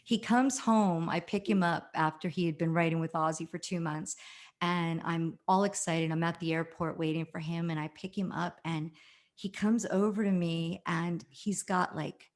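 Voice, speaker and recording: A woman's voice: on the low side, moderate pace. Chatty woman in her fifties telling stories. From New Jersey. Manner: animated, chatty storyteller with many fillers. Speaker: podcast guest. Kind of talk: casual storytelling.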